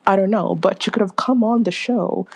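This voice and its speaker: A woman calling into a show from home late at night, gushing excitedly. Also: mid-range voice, moderate pace, vocal fry, slightly rough. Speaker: caller. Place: at home in Scotland, at midnight.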